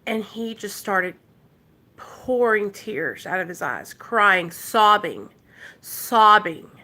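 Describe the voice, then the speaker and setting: A woman's voice: medium pitch, animated, slow, bright, forceful tone. A woman from Arkansas telling an emotional story on her recovery vlog and talking straight to her viewers. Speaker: recovery vlogger.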